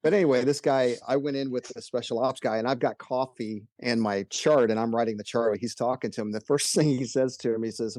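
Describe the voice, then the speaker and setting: A middle-aged man recounting emergency-room stories in an easygoing, chuckling way, as a podcast guest. His voice sits at an ordinary middle pitch. The sound is close and dry, with no room echo. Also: fairly even intonation, quick pace, hardly any pauses, darkish tone. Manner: laid-back anecdotal delivery, chuckles often. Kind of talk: casual podcast storytelling.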